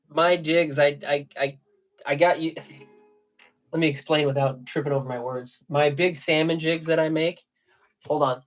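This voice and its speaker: Rambling slangy man telling fishing stories. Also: a little high. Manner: rambling storyteller, laughs while telling stories; loose slangy speech with many fillers. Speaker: fly and jig tier on a livestream. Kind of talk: casual livestream chat.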